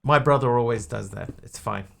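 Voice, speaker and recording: A man's voice: medium pitch, moderate pace, vocal fry, a bit bright, slight background noise. A man voicing a reckless male taxi driver in a joke, casually dismissive and unbothered. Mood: breezy.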